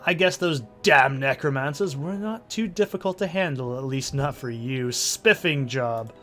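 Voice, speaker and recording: A man's voice: mid-range voice, normal speed, fairly bright tone, faint music behind, natural voice. A man voicing a cheery, pompous guild official full of praise, read from a game's quest text. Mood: delighted. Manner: jolly, pompous.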